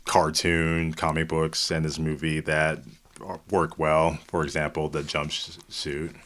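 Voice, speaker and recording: A man's voice: extremely low pitch, monotone, a little slow, fairly bright tone. A man co-hosting a podcast, chatting casually and thoughtfully about an old movie. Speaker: podcast co-host.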